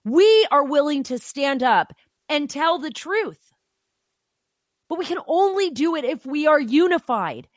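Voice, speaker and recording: A woman's voice: high voice, sing-song, unhurried, no room sound, clean studio sound. A woman hosting political opinion commentary, talking in an impassioned, emphatic way.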